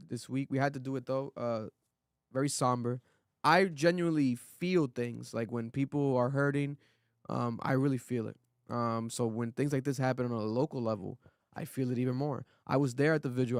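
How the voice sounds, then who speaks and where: A man's voice: mid-range voice, creaky, clear, resonant tone, no echo, studio quality. A man from Rhode Island hosting a podcast, earnest and rambling with many fillers, losing his voice. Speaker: podcast host. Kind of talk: casual podcast chat.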